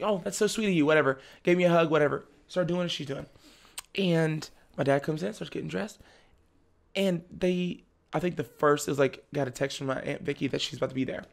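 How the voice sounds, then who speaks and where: Gravelly young man telling a lively story. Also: fairly high pitch. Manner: animated, laughs often, slips into the voices of family members. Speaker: podcast guest. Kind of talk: casual storytelling chat.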